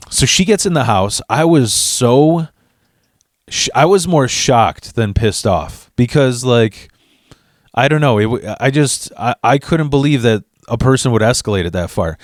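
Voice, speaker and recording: A man hosting a vlog, telling a comedic story in an animated, profane, fast-talking way. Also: mid-range voice, no room sound, studio quality. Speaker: vlog host.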